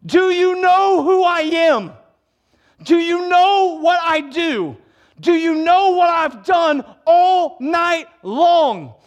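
Man doing a tired fisherman, indignant, protesting, higher voice, sermon retelling. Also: animated, slow pace, highs cut off, full character voice. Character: frustrated tired adult male fisherman.

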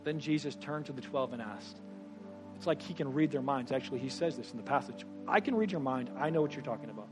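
A man preaching a sermon, animated and conversational, swinging between loud bursts and hushed asides, with quick rushed remarks. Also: medium pitch, over music. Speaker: pastor.

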